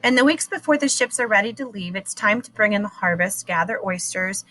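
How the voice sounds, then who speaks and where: A woman teacher reads a chapter book aloud to her class. Her reading is measured and unhurried, with now and then a small slip. Her voice sits at a middling pitch. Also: expressive, pushed and bright, slight background noise, poor audio.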